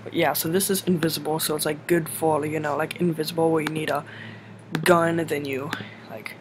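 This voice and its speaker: A man's voice: on the high side, little pitch movement, fairly quick. A young man casually narrating a game level editor tutorial, rambling and filling gaps with "like.". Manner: rambling, heavy use of "like", self-correcting. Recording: noisy home mic recording.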